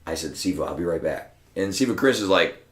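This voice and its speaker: Middle-aged male storyteller, low voice, animated and profane, echoey room. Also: a little fast. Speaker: guest storyteller. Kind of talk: casual storytelling chat. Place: room with a small live audience.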